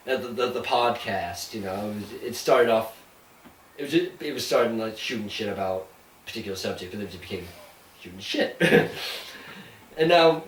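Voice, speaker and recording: A man's voice: fairly low pitch, slight background noise. A man co-hosting a podcast in a put-on Canadian accent, rambling in casual chat with easy swearing and frequent laughter. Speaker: podcast co-host. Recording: roomy room, distant mic, faint ambience.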